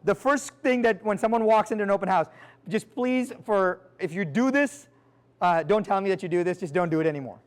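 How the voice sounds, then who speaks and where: A man giving a live seminar talk as a sales trainer, energetic and emphatic, firing rhetorical questions at the audience in a quick, conversational way. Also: high voice. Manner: quick, conversational, with frequent restarts and "like" and "right?".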